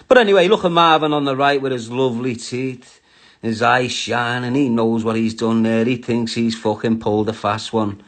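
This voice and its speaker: A man's voice: mid-range voice, fairly even intonation, moderate pace. A middle-aged man with a Scouse accent from Liverpool, ranting crudely and mockingly on a live stream. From Liverpool, England.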